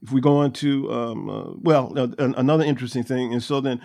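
A man's voice: mid-range voice, brisk, vocal fry, dark tone. A man hosting a Bible study, reading verses aloud and explaining them in a loose, everyday way with plenty of ums and uhs. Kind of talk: casual scripture teaching.

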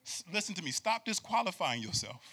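A man preaching a sermon, moving from quiet talk to shouted, repetitive calls to the congregation. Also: sits high, very animated, fairly quick, husky. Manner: builds from quiet to shouting, repeats words.

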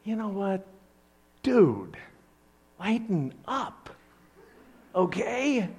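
An older man, a grandfather, preaching a sermon with animated, playful storytelling and asides. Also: sits high, takes it slowly. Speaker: pastor.

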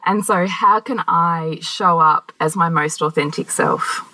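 A woman co-hosting a podcast, talking candidly and telling animated stories with laughter and the odd swear word. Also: lowish voice, normal speed, hardly any pauses, dry recording, rough recording. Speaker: podcast co-host. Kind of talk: casual conversation.

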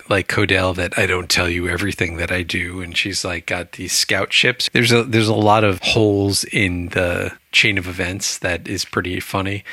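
A man's voice: low voice, bright, forceful tone, no room sound. A man casually discussing a book on a podcast, rambling and chatty with frequent laughs. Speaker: book club podcast co-host.

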